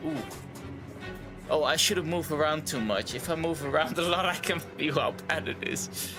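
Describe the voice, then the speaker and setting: A man's voice: on the high side, normal speed, music in the background. A male streamer chatting casually while playing a game, rambling and a little tipsy. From Canada.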